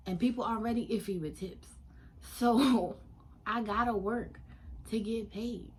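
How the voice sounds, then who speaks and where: A woman telling a casual storytime vlog, animated and sassy, laughing often. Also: fairly high pitch, unhurried, slightly rough. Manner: animated, sassy, laughing often, African American Vernacular English slang.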